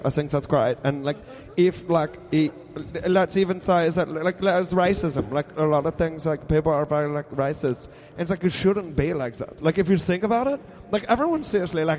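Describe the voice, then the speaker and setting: A man, a comedy guest, rambling in a halting improvised bit full of "like"s. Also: fairly high pitch, darkish tone, long reverb tail.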